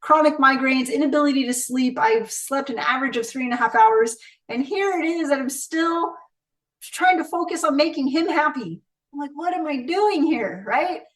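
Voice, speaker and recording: A middle-aged woman with a slightly high voice recounts her own story in an interview, speaking candidly and reflectively. She keeps checking in with a quick rhetorical question. Her voice sounds a little distant from the microphone. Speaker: interview guest. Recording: voice somewhat distant from the mic.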